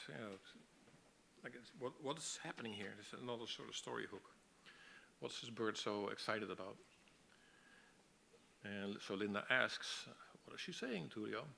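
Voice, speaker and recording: A man teaching a masterclass on storyboarding, explaining in a relaxed way with frequent restarts. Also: fairly low pitch, vocal fry, a little hiss or hum. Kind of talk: lecture on storyboarding.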